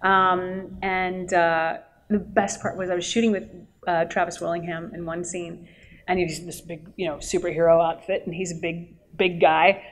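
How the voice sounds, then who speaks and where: A woman voice actress speaking as a guest on a convention panel, telling animated stories and laughing often. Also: fairly low pitch, normal speed. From Canada. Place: expo panel, indoors.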